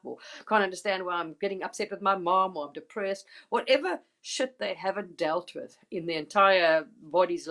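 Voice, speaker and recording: A woman's voice: on the low side, fairly bright tone. A woman hosting a casual spiritual live chat, talking emphatically and rambling a little, with mild swearing and laughter.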